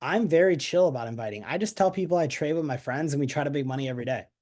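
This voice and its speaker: A man leading a network marketing team call on a video call, energetic and chatty, asking the audience questions. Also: fairly high pitch, rapid-fire. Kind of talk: motivational team call talk.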